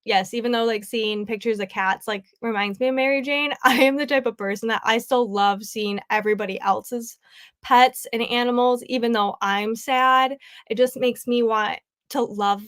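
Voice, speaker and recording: A woman's voice: on the high side, steady tone, normal speed, a bit bright. Tearful chatty woman livestreaming from home. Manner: chatty, emotional, laughs often, many "like"s. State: tearful, grieving. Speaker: craft livestream host. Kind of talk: casual live chat, reading comments.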